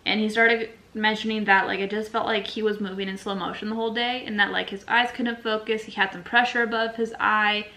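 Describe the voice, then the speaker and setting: Young woman, storytime vlog, chatty and animated, bright tone, acts out quotes. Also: mid-range voice, brisk, few pauses, poor audio. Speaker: vlogger telling a story with her partner. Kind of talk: casual storytime chat.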